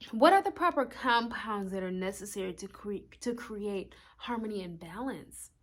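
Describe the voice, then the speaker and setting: A woman's voice: mid-range voice, expressive, unhurried. A young woman astrologer talking casually in a vlog, rambling through rhetorical questions and swearing now and then.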